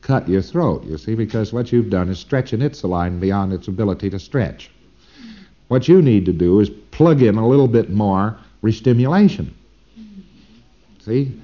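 A man's voice: on the low side, lively intonation, moderate pace, warm tone. A man giving an informal recorded lecture in a rambling way, often tagging his points with "see?", on a dull old lo-fi tape.

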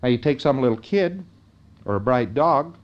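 A man's voice: mid-range voice, lively intonation, moderate pace, lo-fi sound. A man giving an informal lecture in a conversational way, often checking in with his listeners.

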